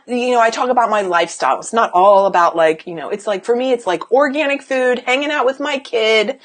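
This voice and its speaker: A woman business coach giving a blunt, emphatic motivational talk to camera, swearing freely and firing rhetorical questions at the viewer. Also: a little high.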